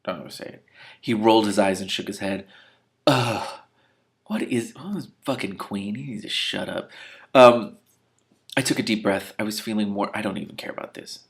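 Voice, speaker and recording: Exasperated man reading aloud, gravelly voice. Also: on the low side, moderate pace. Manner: exasperated, sarcastic running commentary. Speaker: reader and commentator. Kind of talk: reading a novel aloud with commentary.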